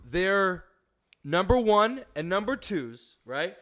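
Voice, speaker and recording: A man's voice: high voice, sing-song, slow pace, fairly bright tone. A man co-hosting a comedy podcast, joking and riffing in playful improvised banter. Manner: playful, slips into silly voices. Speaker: podcast co-host.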